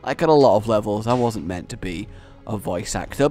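A man hosting a let's play, rambling excitedly about the game, joking, and breaking into shouts and silly voices. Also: lowish voice, a little fast, soft background music. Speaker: gaming channel host.

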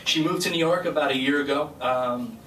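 The graduation guest speaker, who works on a flight crew, has a fairly high, fairly bright voice and a brisk delivery. Laughing as he shares an earnest, chatty personal story, he is recorded on a distant mic in an echoey, noisy hall.

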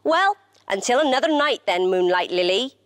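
A woman's voice: a little high, lively intonation, moderate pace, fairly bright tone, no room sound, clean studio sound. A woman voicing a charming male animal friend who is a magician, in a playful, coaxing way for a children's storybook.

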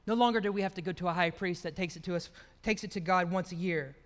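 High-voiced, bright-toned preacher in a hall. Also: male voice, quick pace. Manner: conversational preaching, storytelling. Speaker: pastor. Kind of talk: sermon. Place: church.

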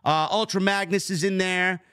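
A man with a Bronx accent co-hosting a casual wrestling review, talking in an animated, profane and sarcastic way. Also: high voice, normal speed, clean tone. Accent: New York (Bronx). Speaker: podcast co-host.

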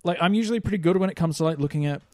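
A man's voice: fairly high pitch, racing, no room sound, clean studio sound. A man with an Australian accent co-hosting a podcast, rambling and hedging as he talks. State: overheated, complaining of heat. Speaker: podcast co-host. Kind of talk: casual chat.

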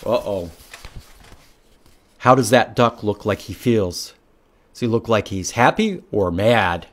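A man's voice: on the low side, slow. A man reading a picture book aloud to children at library storytime, asking them questions along the way. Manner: animated, asks children questions, makes animal sounds.

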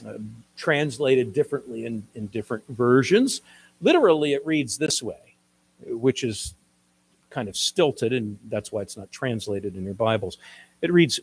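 A man preaching a sermon as pastor, explaining a passage in a measured, teaching way with occasional restarts. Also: a little high, breathy edge, rough recording.

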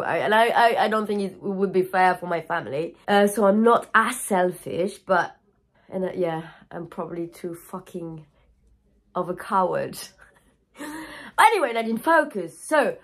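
A woman yoga teacher talks candidly to her viewers at a slow, unhurried pace. Her speech is frank and loose, with swearing, and she loses her thread now and then. She is emotional and openly tearful at times. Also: mid-range voice. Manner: scattered, frank, swears freely. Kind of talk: candid personal video talk.

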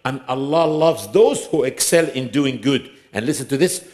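A man preaching a sermon in a mosque, emphatic, posing rhetorical questions and reciting scripture in quick bursts. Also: mid-range voice, a little mellow.

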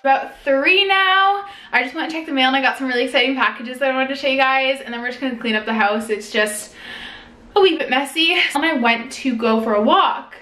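A woman vlogging casually at home, gushing and excitable as she talks to the camera. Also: high-pitched, brisk, roomy sound, soft background music. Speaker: lifestyle vlogger. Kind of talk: casual vlog narration to camera. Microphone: vlog camera mic.

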